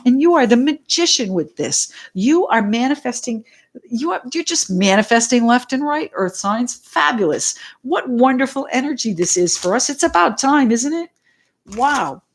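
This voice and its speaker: A middle-aged woman leads a live tarot reading in an excited, chatty way. She talks straight to her viewers, greets them by name and goes off on tangents. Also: on the high side, moderate pace, slight background noise. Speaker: tarot reader.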